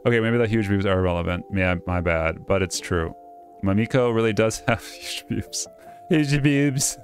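A man's voice: low-pitched, moderate pace, soft background music. Wry man reading a game aloud. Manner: wry, self-interrupting, stumbles over names. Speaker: let's player reading a visual novel. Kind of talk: reading a game script aloud with jokey asides.

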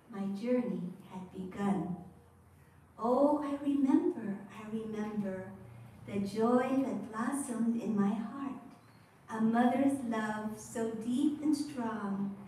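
A woman priest voicing the Buddha's devoted young mother in a slow, lilting recited poem, softly repeating each closing line, heard from a distant mic in an echoey room. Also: fairly high pitch, a little hiss or hum. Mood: tender. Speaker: Zen priest.

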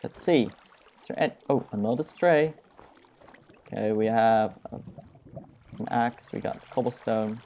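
Young guy talking slow over his game, mellow kinda flat voice, cracking dumb puns, faint hiss behind. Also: on the low side. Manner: self-mocking, flat, pun-making. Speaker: Let's Play gamer. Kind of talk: casual gameplay commentary.

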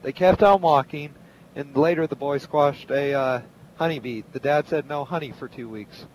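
A man's voice: fairly high pitch, slight background noise, poor audio. A man in a game voice chat, telling a joke in a storytelling way with small stumbles. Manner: storytelling, slightly halting. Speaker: player in voice chat.

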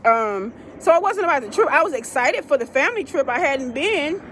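A woman telling a travel story to her viewers in a casual vlog, animated, calling them y'all. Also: sits high, a little fast, a little hiss or hum. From United States. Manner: animated, addresses viewers as y'all, acts out quoted people.

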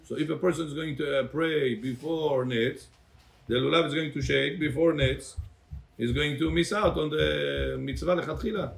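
At a normal speed and in a creaky voice on the high side, a rabbi leads a Torah class for a congregation. He addresses listeners by name, tests them with questions, and alternates English with Hebrew phrases.

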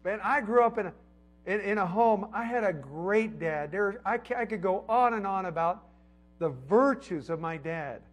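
A middle-aged man preaching a sermon in a conversational way, building to emphatic peaks and then dropping low and quiet. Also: normal speed, soft background music. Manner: conversational preaching with emphatic swells and soft drops.

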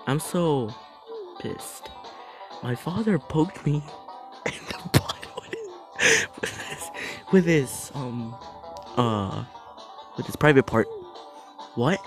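A speaker reads funny texts aloud at an unhurried pace. Their pitch swings widely as they break into frequent giggles and say sorry for laughing. Faint music plays behind. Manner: laughs often while reading; apologizes for laughing. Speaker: video creator.

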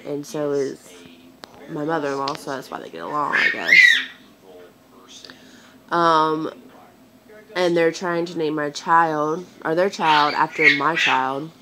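A young woman in her twenties talks casually to her viewers, drawn out and very unhurried. Her voice sits a little low, and she rambles and vents with frequent pauses. She sounds close to tears throughout. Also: low-quality recording. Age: 20s. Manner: rambling, venting, hesitant with many fillers. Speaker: vlogger. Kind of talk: casual chat to camera.

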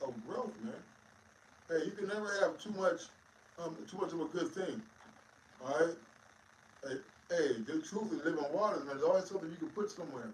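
A man's voice: mid-range voice, roomy sound, a little hiss or hum. A man exhorting listeners in a scripture discussion, affirming and repeating himself, recorded from a distance. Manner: affirming, exhorting, uses filler 'um'.

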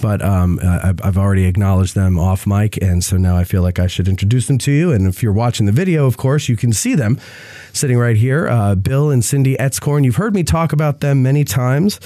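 A man's voice: medium pitch, a little fast, warm tone, no room sound, studio quality. A man hosting a casual chat, congested from a cold and rambling with lots of fillers. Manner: rambling, self-interrupting with many fillers. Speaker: podcast host.

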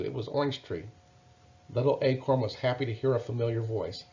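A man reading a children's Bible story aloud in a gentle, measured way. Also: medium pitch, fairly even intonation, dull audio.

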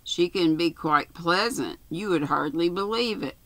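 An older woman reading aloud and voicing a calm, tactful nursing-home matron. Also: on the low side, a little slow, no echo. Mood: placid. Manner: unruffled and placid.

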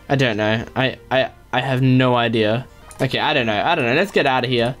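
A man chatting excitedly through a let's-play video, joking as he goes. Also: mid-range voice, moderate pace, faint music behind. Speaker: gaming video creator.

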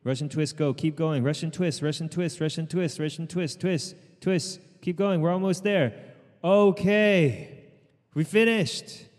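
A man leading an outdoor group workout as trainer, calling out counts and urging people on, with quick asides in Cantonese. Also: on the high side, big-room sound. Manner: shouted counting and encouragement, switching into Cantonese asides. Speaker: fitness trainer. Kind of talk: live workout coaching. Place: outdoors in the sun.

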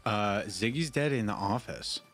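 A man explaining what happened in a party game, deliberate and step by step. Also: on the low side, fairly bright tone, faint music behind. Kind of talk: casual game chat on voice call.

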